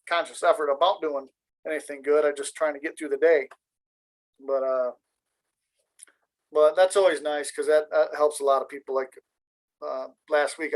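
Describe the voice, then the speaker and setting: A man's voice: fairly high pitch, a bit bright, low-quality recording. Easygoing Michigan man chatting. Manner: rambling, easygoing, jokey. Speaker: meeting participant. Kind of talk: casual chat. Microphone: video call.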